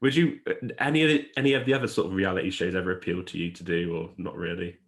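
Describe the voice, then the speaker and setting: A man hosts a casual podcast interview and keeps it moving with encouraging remarks and questions. His voice sits on the low side for a man. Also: steady tone, fast. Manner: encouraging, with short agreeing replies. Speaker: podcast host.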